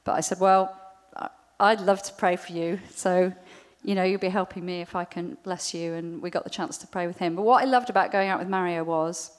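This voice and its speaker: A woman's voice: fairly low pitch, fairly even intonation, brisk, in a large hall. A woman chattily sharing a story with a conference audience, with frequent ums and asides. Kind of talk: spoken testimony to an audience.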